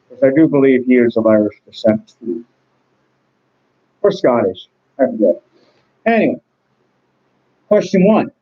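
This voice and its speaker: A man's voice: mid-range voice, lively intonation, normal speed, long pauses, dull audio. A man casually reading out trivia questions and answers, rambling with chatty, self-deprecating asides. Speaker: trivia host. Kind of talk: casual chat.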